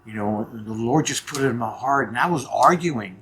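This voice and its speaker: A man's voice: medium pitch, moderate pace, fairly bright tone, a little hiss or hum. A man in his fifties telling a personal story on his vlog in an earnest, emphatic way. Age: 50s. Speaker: channel host.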